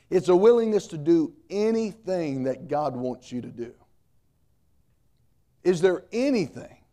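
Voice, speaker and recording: A man's voice: a little high, dark tone. A middle-aged man preaching a sermon as pastor, emphatic, repeating key points and mixing in humor.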